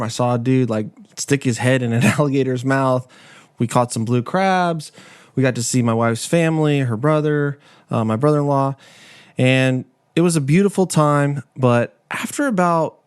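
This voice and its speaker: A man's voice: mid-range voice, clean tone, dry recording, clean studio sound. A man hosting a podcast, telling a personal story in a candid, conversational and self-deprecating way. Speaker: podcast host. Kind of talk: casual storytelling monologue.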